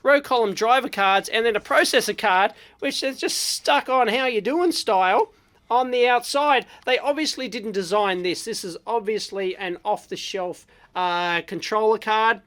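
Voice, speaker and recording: An Australian woman hosting an electronics vlog, giving blunt, excitable, unscripted commentary with frequent exclamations and fillers. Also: on the high side, moderate pace. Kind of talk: casual unscripted teardown commentary.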